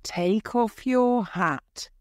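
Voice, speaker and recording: A woman voicing a stern, bossy male king presiding over a storybook trial, speaking slowly and commandingly. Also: fairly high pitch, darkish tone, clean tone, no room sound, studio quality, voice pushed up.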